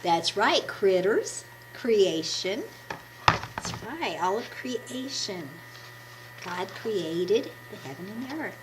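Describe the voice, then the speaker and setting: A woman with a scratchy voice, hoarse from a cold, hosting a children's puppet show and encouraging the kids as a story is read. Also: medium pitch, slow. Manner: warm, encouraging teacher talk to children. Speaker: puppet ministry host. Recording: steady background noise.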